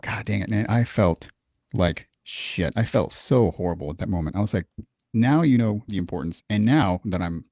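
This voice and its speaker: Profane, animated veteran man, dry close sound. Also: low voice, moderate pace, dry recording. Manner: profane, animated, acts out quoted dialogue. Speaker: guest, military veteran. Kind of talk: casual storytelling in a podcast interview.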